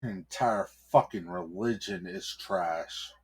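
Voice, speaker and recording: A man's voice: low-pitched, slow pace, husky, full character voice. A man voicing a furious husband who swears through venomous rants against the clergy. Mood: contemptuous. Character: furious man defending his kidnapped wife.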